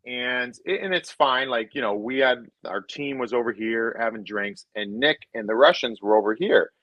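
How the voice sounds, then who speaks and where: A former hockey player casually rambles through locker-room stories, restarting often and swearing freely. His mid-range voice moves at a moderate pace, and the recording has no room sound and cut-off highs.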